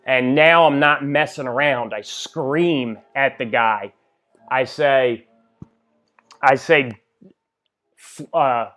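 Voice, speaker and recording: A man casually telling a first-person story in a plain-spoken way, getting louder and higher at the tense moments.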